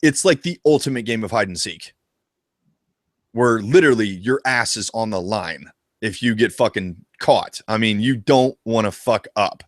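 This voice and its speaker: A man co-hosting a casual live discussion about a video game, talking in an excitable, profane and animated way. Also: lowish voice, moderate pace, dry recording, clean studio sound. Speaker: co-host of a retro gaming show.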